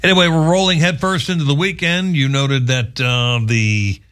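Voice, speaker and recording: A man's voice: fairly high pitch, fairly even intonation, normal speed, fairly bright tone. A male radio show host, chatting casually in a rambling, joking way with wry asides. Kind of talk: casual chat.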